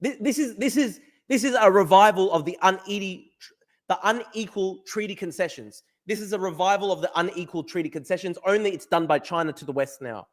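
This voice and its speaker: A man's voice: high-pitched, a little fast. A man, ranting in livestream commentary, swearing and repeating his points. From Australia. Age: 20s. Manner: ranting, profane, repeats himself. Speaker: streamer.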